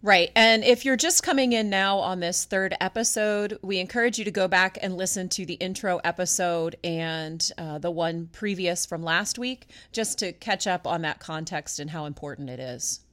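A woman pastor co-hosting a podcast, telling a funny story in a casual, animated way and laughing often. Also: on the low side, normal speed, hardly any pauses.

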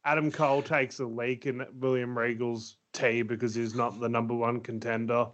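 A man's voice: mid-range voice, level tone, moderate pace, fairly bright tone. A man co-hosting a casual podcast chat, rambling with lots of fillers and easy laughs. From Australia. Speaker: podcast co-host. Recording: slightly dull lo-fi audio.

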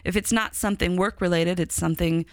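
A middle-aged woman with a faint Chicago accent speaks in a low, gravelly voice. She muses candidly on a podcast, often trailing off and starting her thought again. The sound is close and dry. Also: steady tone, fast talker, no room sound. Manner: reflective, candid, trails off and restarts. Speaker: podcast co-host. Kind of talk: casual church podcast discussion.

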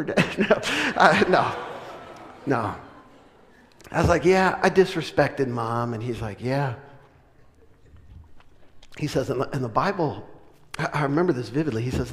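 High-voiced preacher man in a big hall. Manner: animated, joking, with laughs and sudden loud preaching. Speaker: pastor. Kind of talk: sermon with storytelling. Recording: long reverb of a large hall.

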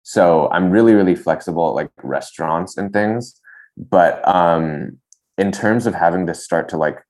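A man's voice: sits low, moderate pace, darkish tone. A young man co-hosting a podcast, talking in a hesitant, self-deprecating way with many fillers, his voice sometimes cracking upward. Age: young adult. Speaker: podcast co-host. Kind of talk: casual chat.

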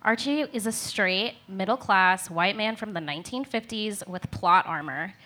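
A woman's voice: medium pitch, moderate pace, bright, forceful tone, close to an everyday voice. A woman reading the part of a mysterious, knowing teenage witch in a comedic table read, cool and matter-of-fact.

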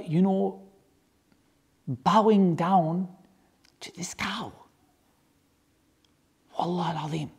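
A religious teacher tells a story to a class in an animated, joking way. The voice sits in a middle pitch and keeps firing rhetorical questions. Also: breathy edge.

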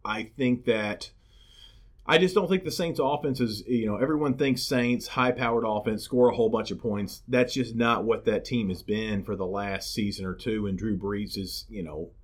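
A man's voice: on the low side, moderate pace. A man co-hosting a podcast in casual chat, rambling and hesitant and often repeating words. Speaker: podcast co-host.

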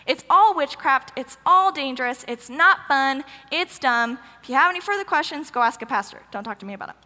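A woman's voice: high-pitched, animated, brisk, bright, forceful tone. A young woman giving a casual, sarcastic, emphatic sermon in a church hall. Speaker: youth speaker. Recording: roomy hall with long echo.

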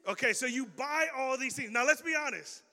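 A man's voice: very high voice, animated, a little fast, bright, forceful tone. A young man preaching a youth sermon in a casual, slangy way, quizzing the audience as he goes. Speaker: youth pastor. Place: large hall with audience. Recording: reverberant hall.

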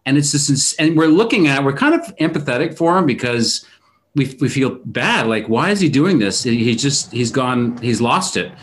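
A man's voice: medium pitch, big pitch swings, normal speed. A man in a casual film discussion, animatedly retelling scenes, with many fillers and restarts.

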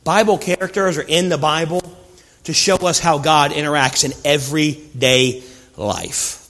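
A man preaching a sermon, telling a story with passion and swinging from hushed lines to loud ones. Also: a little high, unhurried. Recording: reverberant hall sound.

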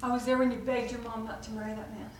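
A woman preacher voicing Jesus as he speaks tenderly to a wounded woman, often dropping to a hushed whisper, in an echoey room heard from a distance. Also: on the high side, little pitch movement, fast talker, a little hiss or hum, close to an everyday voice.

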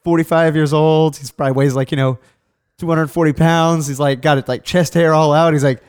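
A man with a slightly high voice talks quickly as he tells a story in a casual chat. He is animated and swears freely, acting out what other people said. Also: smooth.

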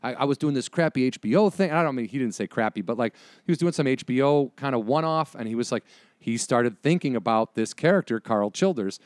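A man's voice: medium pitch, brisk, dry recording. A man in his forties on a podcast, telling stories with energy and acting out quoted lines. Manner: animated storyteller, acts out quotes. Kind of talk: casual chat.

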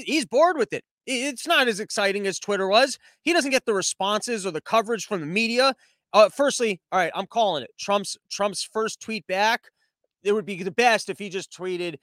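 A man's voice: high voice, a bit bright, no room sound. A man hosting a podcast in a comedic monologue. He talks sarcastically and rambles off on tangents. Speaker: podcast host.

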